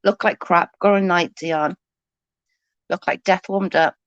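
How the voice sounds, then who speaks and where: A woman's voice: fairly low pitch, steady tone, a little slow, dry recording, highs cut off. A woman chatting to viewers on a casual late-night livestream from her bed, rambling and swearing freely.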